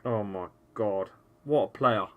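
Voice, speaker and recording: On a live football watchalong stream, a man with a lowish, unhurried voice comes through narrow, tinny audio. He gets excitable, swears freely, rants at the match and reads viewers' chat messages aloud.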